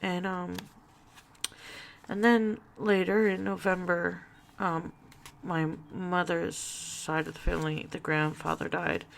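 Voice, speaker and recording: A woman speaking haltingly about grief in a personal vlog, with many fillers and restarts, close to tears. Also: lowish voice, level tone, vocal fry, slight background noise. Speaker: vlogger.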